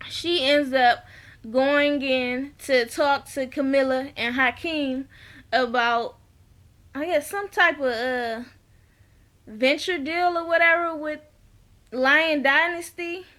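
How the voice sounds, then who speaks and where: Sassy high-voiced woman recapping a show. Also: fairly even intonation, slow, long pauses, fairly bright tone. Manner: sassy, blunt, laughs at her own jabs. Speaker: TV episode reviewer. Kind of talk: casual recap vlog.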